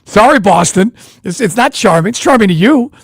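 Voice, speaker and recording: A high, fast-talking man hosts a sports radio show, his voice carrying a breathy edge as he rambles from one idea to the next with lively energy. He's miked close in the studio, and the sound is dry with no room sound.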